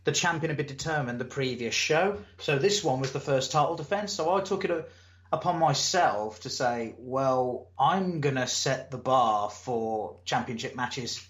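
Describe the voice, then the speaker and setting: A man, a wrestler telling stories in a casual interview, animated and acting out voices, swearing now and then. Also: mid-range voice, normal speed. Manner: animated storyteller, acts out crowd and promoter. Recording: echoey room, muffled lo-fi sound.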